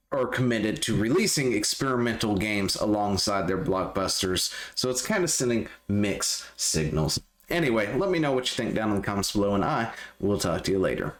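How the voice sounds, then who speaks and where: Man in a casual gaming news vlog, fairly low voice, loose and rambling, often trailing off and correcting himself. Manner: rambling, full of fillers and self-corrections. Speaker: gaming news channel host.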